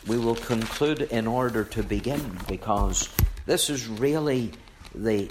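A man preaching a sermon in a measured, emphatic way, repeating phrases for weight. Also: mid-range voice, a bit bright, a little hiss or hum.

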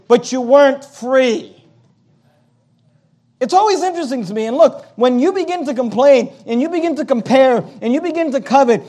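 Pastor guy with a really high voice, preaching hard, lots of rhetorical questions and stumbling restarts. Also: darkish tone. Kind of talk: sermon.

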